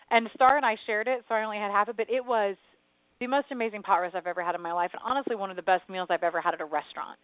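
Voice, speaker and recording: A woman co-hosting a radio talk show, telling a rambling, animated story in casual chat. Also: mid-range voice, fast, dry recording. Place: home. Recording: tinny phone-like radio sound, dry.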